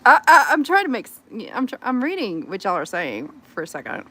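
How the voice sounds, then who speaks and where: A woman with a Southern US accent, chatting casually with her livestream viewers from her phone, animated and quick to squeal and laugh. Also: on the high side, breathy edge. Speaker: livestream host.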